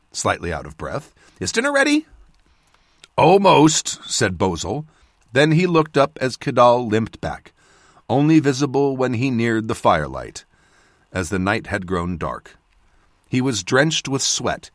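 A man narrating a fantasy audiobook in the first person with expressive storytelling. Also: mid-range voice, dry recording, clean studio sound.

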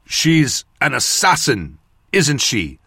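A man's voice: mid-range voice, huge pitch swings, slow pace, creaky, sharp tone, husky, no room sound, studio quality, pitched above the performer's own voice, exaggerated voice. A man voicing a worn-out, good-natured fighter, out of breath and panting, speaking ruefully. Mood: indignant.

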